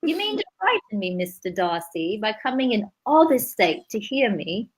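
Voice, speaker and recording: A woman's voice: fairly high pitch, sing-song, normal speed, breathy edge. Prim young regency lady, mock cockney, huffy and overdone, a woman hamming it up. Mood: indignant. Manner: exaggerated, self-mocking.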